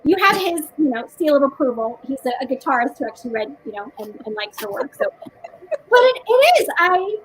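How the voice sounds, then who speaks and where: A woman's voice: high voice, big pitch swings, a little fast, poor audio. A woman co-hosting a casual book chat over a video call, rambling with many restarts and frequent laughter. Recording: faint background noise.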